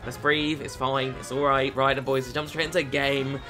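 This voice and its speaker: A young man giving football video game commentary, swearing often and shouting at the game. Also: mid-range voice, flat delivery, moderate pace, over music. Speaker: gaming YouTuber.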